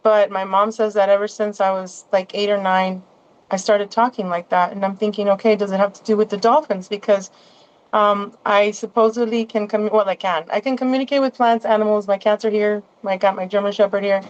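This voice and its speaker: A woman's voice: mid-range voice, fairly even intonation, brisk, smooth, lo-fi sound. A woman as a guest in a casual interview, rambling along with many restarts and asides.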